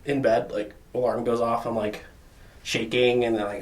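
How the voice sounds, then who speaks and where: A man's voice: mid-range voice, level tone, moderate pace. A young man guesting on a podcast, chatting energetically in slang and saying "dude" and "like" constantly. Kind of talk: casual chat. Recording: voice distant from the mic.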